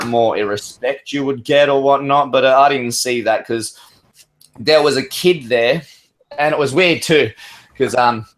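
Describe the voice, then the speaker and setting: A man on an open-mic call, telling a long, rambling story in casual chat and swearing freely. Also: medium pitch. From Australia. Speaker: caller.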